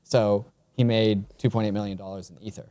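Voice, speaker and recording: A man's voice: on the low side, level tone, brisk, mellow, smooth. A man co-hosting a casual podcast chat, talking loosely with plenty of filler words. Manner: chatty, lots of "like" fillers. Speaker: podcast co-host.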